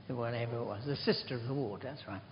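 An older man delivers a relaxed sermon full of rambling anecdotes and self-deprecating asides. His voice sits at an ordinary pitch and rings through a big hall with long reverb. The recording is dull and muffled, with faint noise behind him. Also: quick pace. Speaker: preacher.

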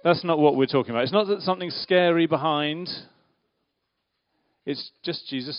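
Lively man leading a church talk. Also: on the high side, moderate pace. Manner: lively, questions the audience, playful. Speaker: preacher giving a children's talk. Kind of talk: interactive church talk with slides and volunteers. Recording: dull lo-fi sound.

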